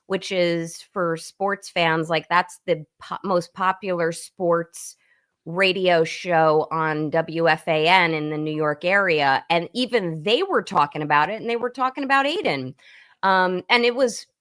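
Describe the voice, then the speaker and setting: A woman's voice: fairly low pitch, unhurried, fairly bright tone. A woman lawyer joining a livestream as a guest by video call, talking in a chatty way and often restarting her sentences. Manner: chatty, thinks aloud with many restarts. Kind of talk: casual livestream chat.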